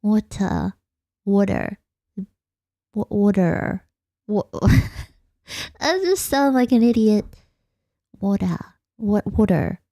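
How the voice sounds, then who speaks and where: A young woman with an Australian accent chats casually with her viewers late at night, rambling and laughing often. Her voice is mellow and soft-edged. The sound is dry and close, with no room around it. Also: medium pitch, expressive, drawn-out words, long pauses, dry recording. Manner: giggly and rambling, reads chat aloud. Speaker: vtuber streamer.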